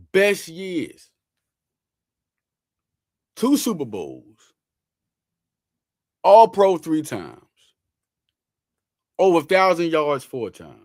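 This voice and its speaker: Male sports host, casual slangy riffing, hammers his points home, a bit high-voiced, dry sound. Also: no echo. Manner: emphatic, repeats lines for effect; loose slangy talk.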